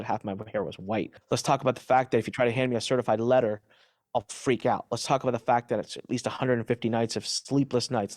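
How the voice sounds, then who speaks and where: A man's voice: mid-range voice, darkish tone, no echo, clean studio sound. A man being interviewed, telling his story emphatically and with animation, often restarting his sentences. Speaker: interview guest. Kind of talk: candid interview answers.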